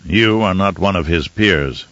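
A surly brute growls his lines bluntly, as a man reads him in an audiobook. The voice is low and the recording is dull and dry. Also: a little slow, a bit bright, no room sound. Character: brutish, surly male nephew, growling.

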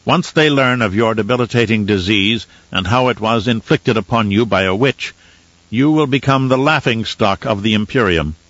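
A man voicing a calculating male envoy who speaks in a firm, measured manner, in a dull, dry recording. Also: lowish voice, a bit bright, no echo.

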